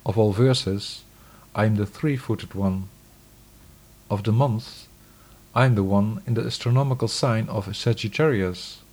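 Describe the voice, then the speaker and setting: A man with a fairly low voice reads scripture aloud. His delivery is measured and solemn, declaiming each line with steady weight.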